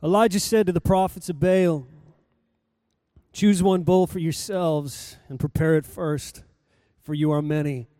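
A man's voice: on the high side, steady tone, a little slow, warm tone, dry recording, studio quality. Man reading scripture in a dramatic way. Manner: dramatic reading, voice rising and falling with the story. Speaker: pastor.

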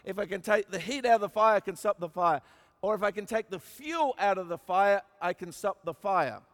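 An Australian man preaching a sermon, with emphatic delivery that moves from quiet asides to shouted peaks. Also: high voice, a little fast. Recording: long hall reverb.

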